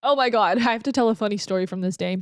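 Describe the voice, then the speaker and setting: A woman's voice: a little high, very fast, clean tone, no echo, studio quality. Giggly young woman telling a story. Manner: chatty and giggly, with lots of fillers. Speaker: vlogger. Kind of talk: casual storytelling. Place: home. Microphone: desk mic.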